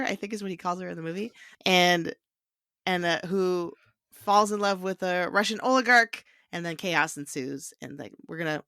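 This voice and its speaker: A woman hosting a casual film podcast, chatty and quick to laugh, with fillers and restarts. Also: mid-range voice, sharp tone, dry recording, clean studio sound. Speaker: podcast host.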